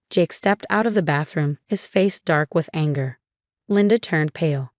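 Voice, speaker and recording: Woman narrator for a first-person story; wry, low-pitched, dry close sound. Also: moderate pace, dry recording. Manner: wry, amused.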